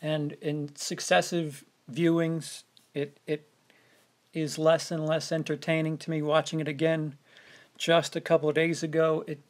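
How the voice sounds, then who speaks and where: A man's voice: a little high, level tone. A man co-hosting a podcast, chatting casually about a film and often repeating words as he searches for what to say. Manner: halting, repeats words while searching for phrasing. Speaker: podcast co-host.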